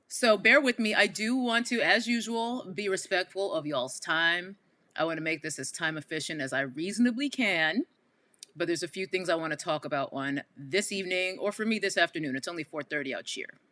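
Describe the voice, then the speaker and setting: Woman, New York accent, bright-toned livestream host, loose and conversational. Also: lowish voice. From Queens, New York. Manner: chatty, addresses viewers as y'all, frequent asides. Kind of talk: casual livestream chat. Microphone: headphones with mic.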